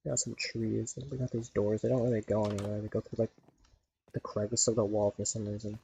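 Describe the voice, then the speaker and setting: A man's voice: on the low side, flat delivery, a little fast, vocal fry, dark tone, slight background noise, low-quality recording. A man giving casual gameplay commentary, rambling and leaning heavily on "like" as a filler. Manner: rambling, heavy use of "like". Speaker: gaming video creator.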